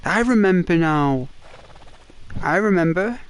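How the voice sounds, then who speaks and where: English guy streaming a game, slowish talk, bit high, chatting to his viewers and cheering them on. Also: animated, clean tone. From England. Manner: chatty, encouraging, addresses chat by name. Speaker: gaming livestreamer. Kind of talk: casual chat reading viewer comments.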